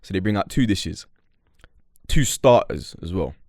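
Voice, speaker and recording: A man's voice: sits low, a little slow. A young man, co-hosting a casual podcast with a friend. His voice swings up and down as he tells the story and acts out each line people said. The sound is close and dry, with no room echo. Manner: animated storyteller, acts out quotes, London slang. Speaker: podcast co-host. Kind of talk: casual banter between friends.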